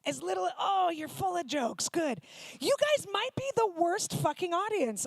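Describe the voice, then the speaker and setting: A woman's voice: extremely high pitch, sing-song, measured pace, creaky, no room sound. A woman doing stand-up comedy with crowd work, sarcastic, brash and profane. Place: synagogue comedy night stage.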